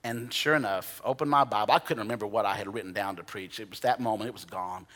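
A man preaching a sermon, telling a personal story dramatically, sometimes dropping to a hush and sometimes rising to excited bursts. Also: fairly low pitch, fast. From United States. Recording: long hall reverb.

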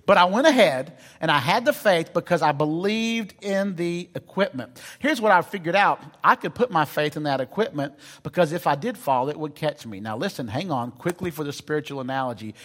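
A male pastor delivers a sermon, moving from a humorous personal story into scripture reading. His voice sits a little on the high side. The sound rings with the long reverb of a large church hall. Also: lively intonation, a little fast, hardly any pauses, a bit bright. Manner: storytelling, self-deprecating humor. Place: church sanctuary.

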